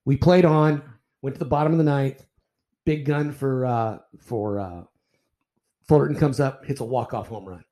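Older male ex-umpire, dark mellow voice, salty storyteller who trips over his restarts. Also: medium pitch, moderate pace. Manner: profane, animated anecdotes with repeated restarts. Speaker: retired baseball umpire. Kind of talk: casual storytelling in a podcast interview.

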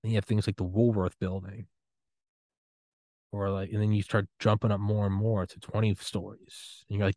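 A young man hosting a podcast, giving a rambling, excitable solo rant full of swearing and trailing restarts. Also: lowish voice, normal speed, no echo, clean studio sound. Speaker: podcast host.

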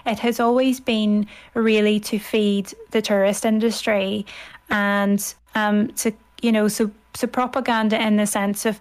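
A woman's voice: mid-range voice, flat delivery, a little slow, clean tone. A woman in her thirties with an Irish accent, a scholar speaking in a toned-down posh telephone voice as a podcast guest. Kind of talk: podcast conversation.

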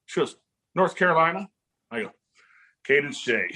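A man in his forties from Illinois, a guest telling casual stories about his daughter's recruiting, acting out quotes with sudden jumps in pitch. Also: sing-song, fairly quick, pauses often, sharp tone, husky. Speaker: guest, parent of a volleyball recruit. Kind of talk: casual storytelling.

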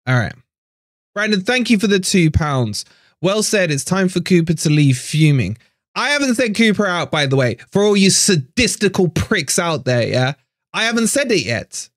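Fan stream host, man, annoyed and sweary, higher voice, dry close mic. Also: very animated, unhurried, a bit bright, no room sound. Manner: frustrated, swearing, repeats himself. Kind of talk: live stream rant.

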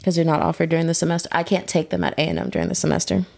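A woman's voice: low-pitched, rapid-fire, gravelly. A young woman in casual podcast chat, telling stories with lots of laughter and swearing. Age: young adult. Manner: animated storytelling, swearing, laughing.

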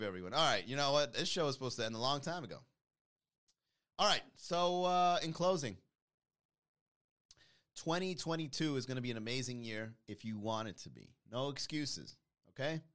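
A man with a clean, mid-range voice runs a podcast live stream, chatting loosely with the audience. He reads out comments to mock them, lively and joking, slipping into playful put-on voices.

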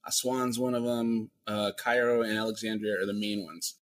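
A man's voice: fairly low pitch, level tone, moderate pace. A man born in Saudi Arabia, a guest on a casual podcast chat, joking and swearing freely. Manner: joking, profane, laughs often.

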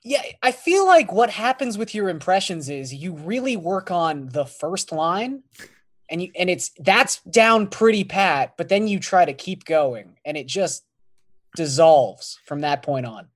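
A man in casual podcast chat with a measured, dryly teasing way of talking. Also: sits high, big pitch swings.

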